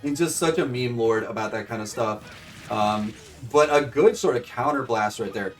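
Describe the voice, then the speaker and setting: A man casually commentating computer-controlled fighting game matches for viewers, rambling with fillers and bursting into excitement at big moves. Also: medium pitch, moderate pace, far from the mic, faint music behind. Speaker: streamer commentating AI fight bracket.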